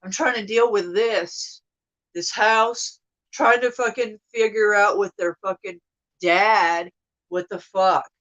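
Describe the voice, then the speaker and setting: A woman in her thirties venting to her viewers in an upset, profane monologue that swings from loud outbursts to hushed mutters. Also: mid-range voice, slow, lo-fi sound. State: upset, emotional. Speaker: vlogger.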